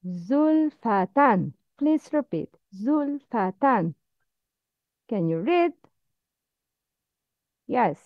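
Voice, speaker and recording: Slow, careful woman teacher. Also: on the high side, dry recording, phone-quality sound. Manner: slow, careful drilling with repeated prompts. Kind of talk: Arabic letter pronunciation lesson.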